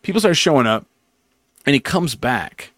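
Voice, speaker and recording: A man in a dry, close-miked room spins a rambling story, swearing freely and slipping into the voices of the people he quotes. His pitch sits in the middle for a man, and his delivery is loose and conversational. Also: moderate pace, no echo. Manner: profane, animated storyteller acting out quotes. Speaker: podcast host. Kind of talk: casual storytelling chat.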